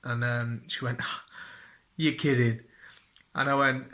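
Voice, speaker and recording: A man's voice: mid-range voice, flat delivery, takes it slowly, long pauses, pushed and bright. A young man telling a personal story to camera, self-deprecating and jokey, acting out what people said in raised voices. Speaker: vlogger.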